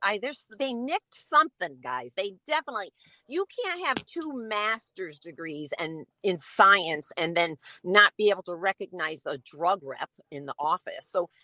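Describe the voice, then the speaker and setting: Woman, podcast guest, chatty rambling stories, bright tense tone, dry close sound. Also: fairly low pitch, animated, normal speed, dry recording. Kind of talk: casual podcast chat.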